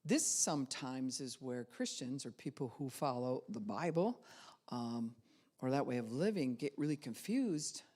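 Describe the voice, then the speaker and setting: A woman pastor preaching a conversational sermon. She speaks directly to her listeners and swings her pitch and loudness to act out the thoughts she quotes. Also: animated, measured pace.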